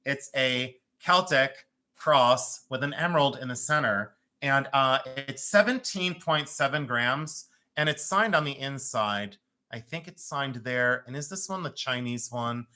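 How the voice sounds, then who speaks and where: Bright, chatty live-sale host. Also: mid-range voice, a little slow. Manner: chatty, joking, laughs often. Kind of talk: live-stream selling chat. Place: home.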